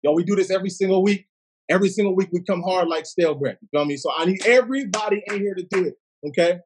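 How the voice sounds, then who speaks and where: A man's voice: sits high, quick pace, slightly rough. A man hosting a Bible study livestream from his phone, hyped and slangy, greeting viewers by name.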